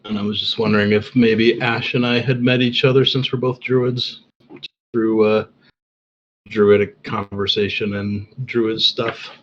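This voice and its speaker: A man's voice: lowish voice, little pitch movement, measured pace, a bit bright, dull audio, a little hiss or hum. A man chatting casually as a tabletop game player. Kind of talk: casual chat.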